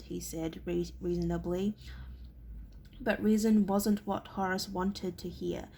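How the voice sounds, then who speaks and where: Woman narrator reading a novel, slow and halting, gravelly husky voice, stumbles often. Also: fairly low pitch, steady tone, dark tone. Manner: halting, stumbling and repeating words. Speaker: reader.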